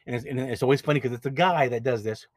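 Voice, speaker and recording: A man's voice: medium pitch, fast talker, dry recording. A man hosting an advice podcast, talking casually and directly, often repeating words as he explains. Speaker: podcast host, notary signing agent business owner.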